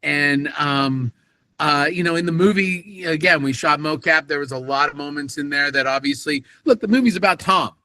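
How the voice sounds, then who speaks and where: A man guesting on an interview podcast, telling animated stories about his acting work and acting out the quotes. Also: fairly high pitch, moderate pace, no room sound. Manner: animated anecdotes with acted-out quotes. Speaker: voice actor guest. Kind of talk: casual interview storytelling.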